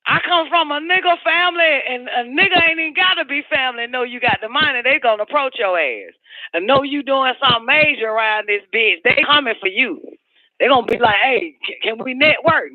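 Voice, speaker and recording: A man's voice: very high-pitched, dry recording. A man hosting a live call-in radio show, rambling on with heavy profanity and emphatic repeats. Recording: dry, phone-like radio sound.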